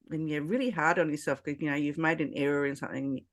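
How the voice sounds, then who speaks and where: A man's voice: on the high side, fairly even intonation, quick pace, fairly bright tone. A man hosting a podcast, adding supportive reflections in casual talk with many "you know" fillers. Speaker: podcast host.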